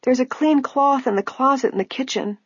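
A frail, stubborn old woman in a storybook, her voice high and quavering, as a woman reader puts her on. The sound is dull and lo-fi, dry and close, with a husky edge. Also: brisk, dry recording. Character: frail, proud old woman, injured and poor.

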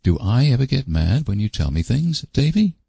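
A man voicing a gentle, kind young woman who talks to a child patiently in a storybook reading. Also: mid-range voice, sing-song, normal speed, creaky, slightly rough, no room sound, pitched above the performer's own voice, exaggerated voice. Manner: soft, patient, coaxing.

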